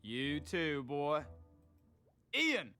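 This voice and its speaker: A stern Southern ship officer. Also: male voice, a little high, very animated, very slow, sharp tone, exaggerated voice. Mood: commanding. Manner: gruff, commanding, scolding.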